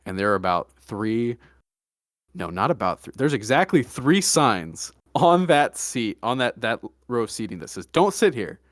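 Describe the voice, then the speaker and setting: A young man hosting a podcast, telling a story in a deadpan, joking way with mock-serious asides. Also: mid-range voice, normal speed, no room sound, studio quality. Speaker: podcast host. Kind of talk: casual storytelling chat.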